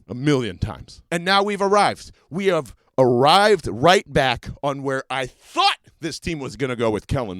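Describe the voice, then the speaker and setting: A man's voice: fairly high pitch, no room sound. A man co-hosting a sports podcast, talking casually and animatedly with frequent swearing and laughter. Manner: animated, profane, laughs often. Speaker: podcast co-host.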